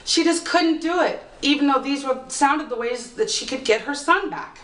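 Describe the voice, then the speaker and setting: A woman telling a folk tale aloud with expressive, dramatic pacing, recorded from a distance in an echoey room. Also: high voice, normal speed. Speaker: storyteller. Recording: roomy, distant mic.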